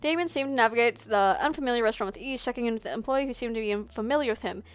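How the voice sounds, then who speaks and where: A woman's voice: on the high side, very fast, dry recording. A woman streamer reading a visual novel aloud, speed-reading with giggly asides to chat.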